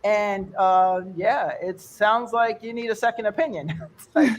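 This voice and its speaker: A woman's voice: unhurried, slight background noise. Rambling older woman doing stand-up. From United States. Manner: rambling and conversational, mimicking accents with big pitch jumps. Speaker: stand-up comedian. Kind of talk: stand-up comedy set for an online fundraiser.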